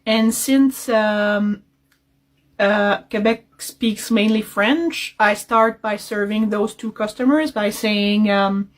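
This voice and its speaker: A woman's voice: mid-range voice, fairly even intonation, slow. A woman recounting a work story hesitantly, with fillers. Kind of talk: casual storytelling.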